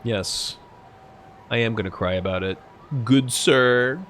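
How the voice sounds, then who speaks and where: A man's voice: mid-range voice, slow, fairly bright tone, a little hiss or hum. A young man streaming and chatting while gaming, a little drunk, rambling, swearing and laughing a lot. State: tipsy from drinking. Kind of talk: casual live-stream chat while gaming.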